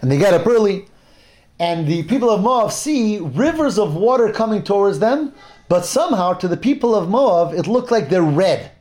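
A man's voice: sits high, expressive, normal speed, a little mellow. A man teaching a casual Torah class, retelling a Bible story in a conversational way, fillers and restarts. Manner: conversational with fillers and restarts, acts out quoted speech.

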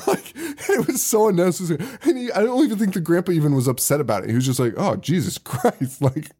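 A man in casual podcast chat, retelling movie scenes with mock quotes and frequent laughter. His pitch swings widely and his manner is loose and playful. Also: animated, fast, dark tone, husky. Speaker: podcast co-host.

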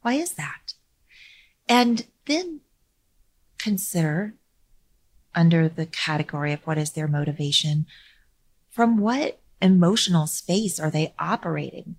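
Lowish voiced woman podcast host, calm and measured storytelling, goes almost whisper for emphasis. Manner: calm and measured, drops to near-whisper for emphasis, laughs lightly. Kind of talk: reflective storytelling monologue.

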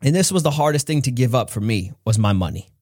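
A man's voice: mid-range voice, animated, fast, a little mellow, husky, dry recording, studio quality. A man from New York hosting a podcast, giving an earnest, preachy motivational talk and often laughing. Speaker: podcast host, motivational speaker.

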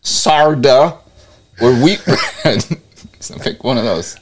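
A man with a lively, up-and-down voice runs a quiz in a relaxed podcast chat. He laughs easily as he reads out the choices. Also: medium pitch, slow pace, slight background noise. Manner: laughing, animated quiz-giver. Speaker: podcast co-host. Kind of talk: casual chat.

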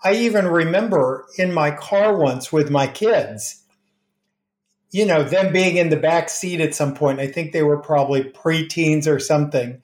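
A middle-aged man telling gentle, unhurried stories as a guest in a conversation, acting out the voices of people he quotes. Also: on the high side. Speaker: grief expert guest. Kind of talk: storytelling in conversation. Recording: roomy echo.

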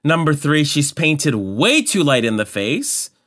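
A man co-hosting a podcast, chatting casually and sassily about a show, with animated exclamations and frequent laughs. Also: on the high side, unhurried. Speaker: podcast co-host. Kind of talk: casual chat reviewing a show.

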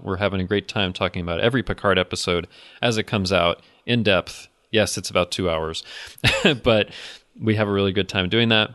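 A man's voice: low voice, pushed and bright, clear, resonant tone. A man co-hosting a podcast in casual chat, easygoing and laughing often. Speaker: podcast co-host.

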